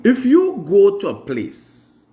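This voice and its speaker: A man's voice: high voice, huge pitch swings, slow, dark tone, lo-fi sound. A Guyanese man hosting a live morning show, telling stories animatedly and imitating his mother. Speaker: show host. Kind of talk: casual storytelling monologue.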